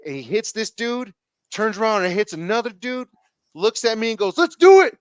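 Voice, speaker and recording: Slangy, animated storytelling man. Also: sits high, moderate pace, clear, resonant tone, dry recording. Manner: slangy, profane, animated retelling with acted quotes. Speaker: podcast guest. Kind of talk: casual storytelling.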